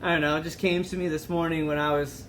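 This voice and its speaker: High-voiced man signing off a podcast. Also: little pitch movement, quick pace, a bit bright, a little hiss or hum. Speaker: podcast co-host. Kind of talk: casual chat.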